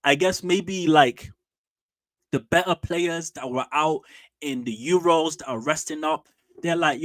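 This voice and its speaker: A man streaming casual football commentary, animated and opinionated, with slangy repeated asides. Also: a little high, unhurried, no room sound. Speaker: streamer and fan channel host.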